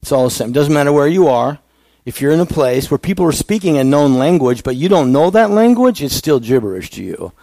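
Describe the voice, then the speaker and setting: A man's voice: fairly high pitch, sing-song, brisk, warm tone, dry recording. A male pastor giving a conversational sermon, asking the congregation questions.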